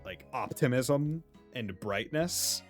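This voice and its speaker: Soft music plays behind this Rhode Island man as he streams a game in loose, meandering chat, laughing a lot and cursing occasionally. His voice is medium-pitched, expressive, and slow, carrying a light Rhode Island New England accent.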